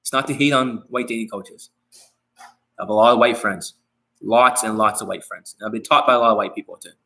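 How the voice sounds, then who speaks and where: A man's voice: lowish voice, fairly even intonation, fairly quick, pushed and bright, rough recording. A man talking as a dating coach in a live-streamed coaching talk, blunt and profane, often repeating his key phrases. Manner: blunt and profane, speaking straight to viewers; repetitive, says key phrases again.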